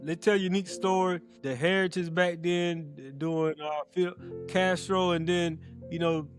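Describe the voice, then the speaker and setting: A man's voice: high-pitched, steady tone, normal speed. A man co-hosting a casual chat show, animatedly retelling movie scenes and repeating himself as he goes. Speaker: podcast co-host. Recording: faint guitar music behind.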